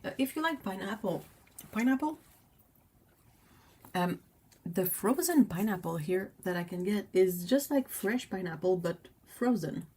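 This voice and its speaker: A woman's voice: mid-range voice, a little mellow, slight background noise. A woman hosting a casual livestream, chatting in a rambling way with lots of fillers. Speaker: livestream host.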